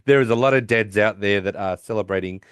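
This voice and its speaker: A middle-aged Australian man co-hosting a podcast in casual, animated, joking chat. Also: fairly low pitch, quick pace, clear, resonant tone, no room sound, clean studio sound. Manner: animated, jokey, talks over his co-host. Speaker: podcast co-host.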